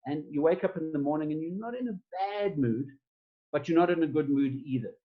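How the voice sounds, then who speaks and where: A man's voice: a little high, lively intonation, a little fast, narrow, tinny audio. A man giving a conversational online talk, often repeating words as he thinks. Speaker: speaker giving a stress management talk. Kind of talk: webinar presentation. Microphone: computer mic on a video call.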